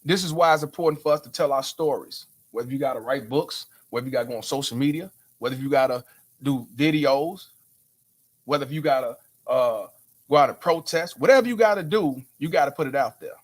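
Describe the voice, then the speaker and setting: A man's voice: medium pitch, a little fast. A man hosting his own show, talking straight to viewers in an emphatic, preachy way, asking them rhetorical questions. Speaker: host. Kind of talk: casual commentary to viewers.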